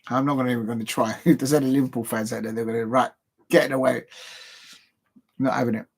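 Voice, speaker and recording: A man from England hosts a live football stream at a middle pitch. He rambles casually and pokes fun at himself. He talks straight to his viewers. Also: fairly even intonation, racing, darkish tone, husky. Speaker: football show host.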